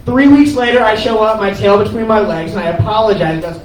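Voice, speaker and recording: A man who is a stand-up comedian, giving an animated, profane comic eulogy on a cafe stage, laughing as he tells it. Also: high voice, fast talker. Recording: echoey room from far off, noisy.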